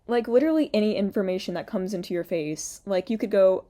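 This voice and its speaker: A woman's voice: mid-range voice, quick pace, mellow. A young woman giving casual reaction commentary on a song's lyrics, sarcastic, swearing often and laughing between lines. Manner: mocks quoted lines in a put-on voice. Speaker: commentary YouTuber.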